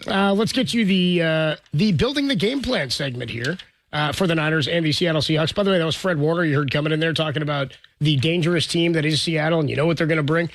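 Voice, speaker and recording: A man's voice: fairly high pitch, fast, a little hiss or hum. A man hosting a sports talk show, chatting casually and joking with his co-hosts. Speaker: show host.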